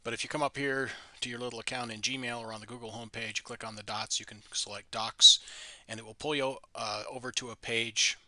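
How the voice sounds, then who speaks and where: A man walks through a software tutorial in an easygoing, plain explanatory way, now and then restarting a phrase. His voice sounds very bright and forward, at a middle pitch for a man. The sound is close and dry, with no room echo. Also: fairly even intonation, fairly quick. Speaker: tutorial presenter. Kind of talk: screen-recorded software tutorial.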